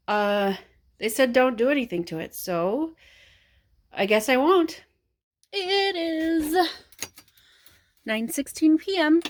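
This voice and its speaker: Chatty slow-talking woman vlogger. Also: medium pitch. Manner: rambling, chatty, with many fillers and restarts; informal slang, mock exasperation. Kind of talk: casual chat.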